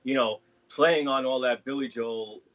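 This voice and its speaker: A man chats as a guest on a video call and rambles, often saying you know. His voice sits at mid pitch. The call audio is a little dull. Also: fairly even intonation, a little slow, a bit bright. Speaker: guest drummer. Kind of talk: casual chat.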